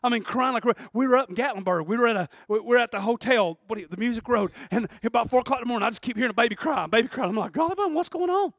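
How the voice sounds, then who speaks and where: A man preaching a sermon, fervent and storytelling, swinging from shouted bursts to hushed passages. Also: very high voice, rapid-fire, hardly any pauses, dry recording, studio quality.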